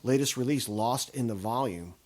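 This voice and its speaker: A man hosting a rock radio show interview, upbeat and quick to laugh. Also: medium pitch, darkish tone.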